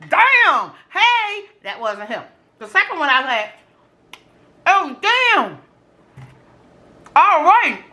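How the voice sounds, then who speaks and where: A middle-aged woman vlogger telling dating stories in casual, animated chat while eating on camera, slangy and quick to exclaim. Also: high-pitched. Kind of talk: casual storytelling during a food challenge.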